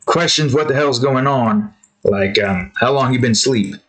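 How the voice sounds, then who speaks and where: A man's voice: mid-range voice, normal speed, fairly bright tone. A man casually chatting while he draws, rambling through a story with many fillers. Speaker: artist vlogger. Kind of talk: casual drawing commentary.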